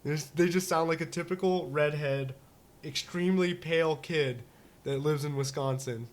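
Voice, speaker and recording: On a casual talk show, an American man co-hosts with rambling jokes, frequent restarts and many fillers. His voice sits on the high side, and he speaks at a moderate pace.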